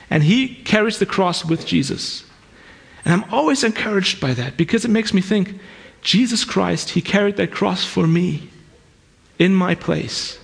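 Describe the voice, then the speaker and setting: A man's voice: high voice, vocal fry, husky. A man preaching a sermon in an earnest, conversational way, often restarting his sentences.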